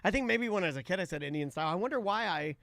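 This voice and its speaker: A man co-hosting a podcast in casual chat, tossing in wry quips and quick agreements. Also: sits high, lively intonation, creaky, a bit bright, no room sound, clean studio sound. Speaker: podcast co-host.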